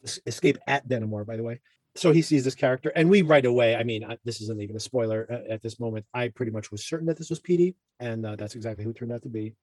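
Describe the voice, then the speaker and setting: A man's voice: mid-range voice, fast, darkish tone, no echo. A man hosting a podcast, recapping a TV show in a chatty, rambling way with asides. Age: adult parent. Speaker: podcast host. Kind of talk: casual TV recap chat.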